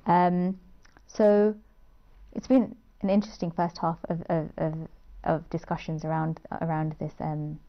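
A woman hosting a discussion show, talking in a thoughtful, measured way with many fillers. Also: sits low, little pitch movement. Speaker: talk show host. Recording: slightly dull lo-fi sound.

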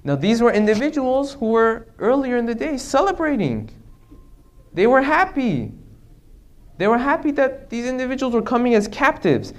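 Male religious lecturer, high-pitched, earnest, rhetorical. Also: big pitch swings, moderate pace.

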